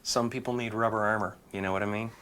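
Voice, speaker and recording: A man with a fairly low, bright, forceful voice tosses off deadpan jokes in an interview. He slips into goofy noises at will. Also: fast, a little hiss or hum. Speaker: actor guest. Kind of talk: joking interview answers.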